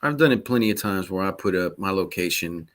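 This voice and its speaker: A man's voice: deep voice, expressive, a little fast, fairly bright tone. A man co-hosting a casual sports podcast, talking loosely and profanely in rambling asides. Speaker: podcast co-host.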